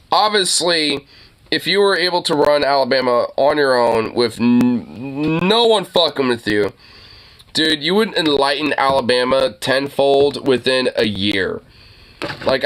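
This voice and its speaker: Animated, profane young man ranting. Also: medium pitch. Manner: profane, rambling, stammering restarts. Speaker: streamer reacting to a video. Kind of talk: casual reaction commentary.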